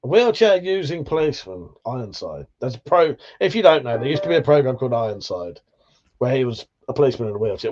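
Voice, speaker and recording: A man's voice: mid-range voice, very animated, fast, a little mellow, lo-fi sound. A man hosting a casual livestream chat, rambling, swearing freely and laughing often. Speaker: livestream host.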